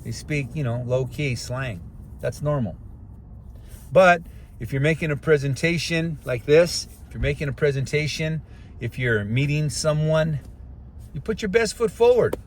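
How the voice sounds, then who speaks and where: Middle-aged man, self-help host, fairly high voice, outdoor traffic noise, direct coaching monologue. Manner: talks to viewers directly, stretches words slowly to show clear diction. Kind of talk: casual advice monologue. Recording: street noise behind voice.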